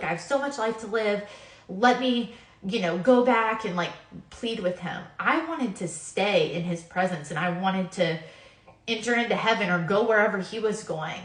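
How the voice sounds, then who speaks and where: A woman's voice: fairly low pitch, a bit bright. A woman in her twenties giving a personal testimony of a near-death experience, earnest and sprinkled with "like". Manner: earnest, uses many fillers like "like". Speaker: guest telling her near-death story. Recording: echoey room.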